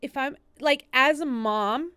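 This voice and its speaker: A woman in her thirties, a podcast co-host telling stories casually in an interview, full of "like" fillers and lively retellings. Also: sits high, slow pace, no echo, studio quality. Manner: chatty, many "like" fillers, animated retellings. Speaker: podcast co-host and assistant, guest.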